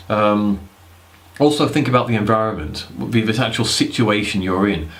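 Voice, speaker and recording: Man, deep low voice, rambling, blunt, casual swearing, young adult. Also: moderate pace, fairly bright tone. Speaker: dating advice vlogger. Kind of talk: casual talking-head advice.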